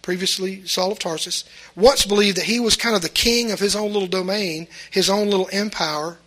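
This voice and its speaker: A man's voice: high-pitched, fairly quick, sharp tone. A man preaching a sermon in an earnest, folksy way, often restarting his words.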